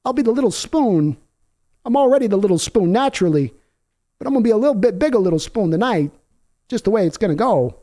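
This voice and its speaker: Brief: man doing a wounded pro quarterback, whiny, higher than usual, mellow tone. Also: lively intonation, fast. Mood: sulky. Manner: whiny, wounded, fishing for sympathy. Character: sulky self-pitying male star quarterback.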